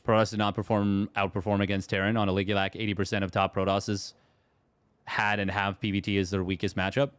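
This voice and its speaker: This caster's voice is on the low side, quick, clear and resonant, though his delivery stays flat, and there's no room sound. He rambles through live stream commentary on a strategy game tournament, full of fillers and restarts, while reading and responding to chat.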